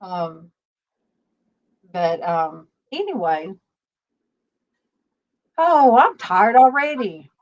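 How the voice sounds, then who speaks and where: A woman hosting a casual faith-based livestream, telling stories slowly with many fillers over a video call. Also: medium pitch, very animated. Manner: rambling, warm storytelling with many fillers. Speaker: livestream host. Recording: dull lo-fi stream audio.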